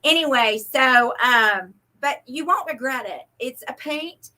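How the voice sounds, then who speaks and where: A woman with an Oklahoma and Texas accent hosting a live-stream, chatting quickly and casually with viewers. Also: sits high, bright, forceful tone. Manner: fast-talking, chatty. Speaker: host.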